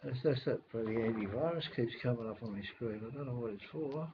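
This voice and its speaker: A man's voice: medium pitch, a little fast. An older man with a London accent rambles and grumbles his way through a casual webcam chat. The webcam audio is dull and lo-fi, with a faint hiss underneath. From England. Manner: rambling, grumbling, swears mildly. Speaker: webcam caller. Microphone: webcam microphone.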